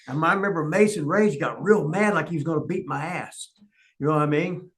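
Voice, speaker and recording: An older man hosting, telling rough, profane stories and acting out the quotes. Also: fairly high pitch, brisk, a bit bright. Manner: profane, gruff, acts out quotes. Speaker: host, veteran wrestling trainer. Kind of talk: casual storytelling.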